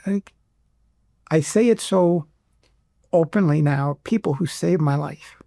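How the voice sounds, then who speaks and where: A middle-aged man, a veteran guest in an interview, speaking with emotion and pausing often to restart. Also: on the high side, gravelly, dark tone, no room sound, clean studio sound. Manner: emotional, halting, many restarts.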